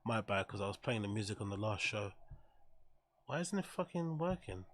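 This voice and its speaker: A man's voice: lowish voice, lively intonation, moderate pace, a bit bright. A man hosting a livestream, rambling and swearing casually as he talks to his viewers. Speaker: streamer host.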